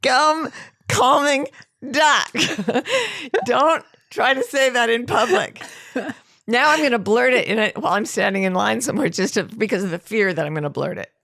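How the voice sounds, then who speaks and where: Laughing, gravelly-voiced woman. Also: a little high, a little fast, no echo, clean studio sound. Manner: laughing, animated storytelling. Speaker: podcast co-host. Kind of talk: casual chat.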